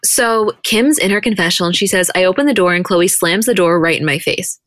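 A woman co-hosting a podcast, recapping a show in casual chat and quoting people in quick animated bursts. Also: lowish voice, dry recording, clean studio sound. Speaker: podcast co-host.

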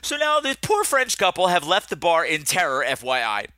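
A man hosting a podcast, telling a comic story in an animated way, swinging his pitch and pace widely. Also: moderate pace, no room sound, studio quality. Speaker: podcast host.

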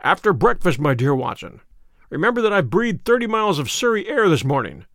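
A man reading the part of a sharp, wry, confident male detective in an audiobook, with a brisk, dry and self-assured delivery. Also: high voice, sing-song, no room sound, exaggerated voice.

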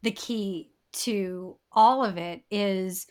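A woman hosting an interview, encouraging her guest and asking questions in an unhurried way. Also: medium pitch, a little mellow. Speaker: podcast host.

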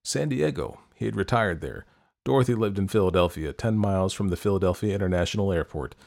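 A man hosting a podcast, reading stories aloud in calm, measured scripted narration. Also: low-pitched, gravelly. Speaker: podcast host and story narrator.

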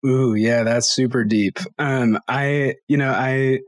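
A man's voice: medium pitch, steady tone, takes it slowly, no room sound. A man hosting a podcast interview, speaking casually and enthusiastically. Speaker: podcast host. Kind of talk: conversational interview.

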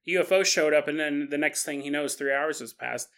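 A man hosts a paranormal podcast and retells the story in a casual, animated way. His voice is bright and sits a little high. He keeps the narration lively and conversational. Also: brisk. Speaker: podcast host.

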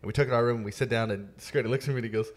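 A man hosting a podcast, telling a story in a relaxed, casual way with many fillers. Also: fairly low pitch, rapid-fire. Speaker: podcast host. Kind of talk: casual chat.

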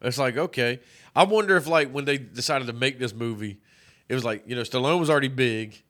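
A man's voice: mid-range voice, a little fast, a bit bright. A man co-hosting a podcast, chatting casually and profanely while reviewing a movie. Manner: profane, rambling, joking. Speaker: podcast co-host.

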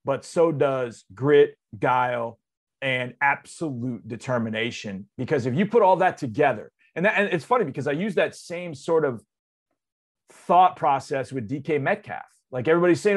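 A man in his forties hosts sports radio and spins a yarn with plenty of energy. His voice sits at an ordinary middle pitch. He jumps between loud, excited bursts and quieter asides, talking casually and loosely throughout. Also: normal speed. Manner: animated, excitable storyteller with big swings in loudness and pitch; conversational, drops into loose asides. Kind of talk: casual on-air storytelling.

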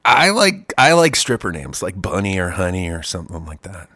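A man co-hosting a casual chat, telling stories in an animated, profane way. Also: deep voice, normal speed, dry recording, clean studio sound. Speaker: podcast co-host.

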